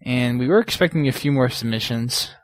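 A man's voice: medium pitch, a little fast, dry recording, low-quality recording. A young man hosting a podcast, chatting in a rambling, giggly way and often restarting his sentences. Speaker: podcast host. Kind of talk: casual podcast chat.

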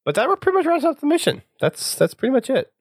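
A man's voice: very high-pitched, fast, no room sound, studio quality. Chatty man hosting a game walkthrough. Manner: relaxed, chatty, laughs often. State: recovering voice. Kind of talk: casual gameplay commentary.

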